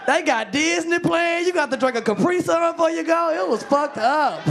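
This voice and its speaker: A woman's voice: very high-pitched, animated, moderate pace, gravelly, noisy background. A woman doing stand-up comedy with a brash, crude delivery in a comedy club.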